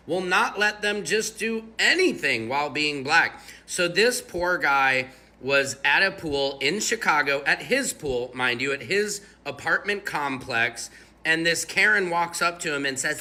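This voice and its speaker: A man giving casual, sarcastic commentary, mocking and animated. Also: on the high side, measured pace. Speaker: online commentator.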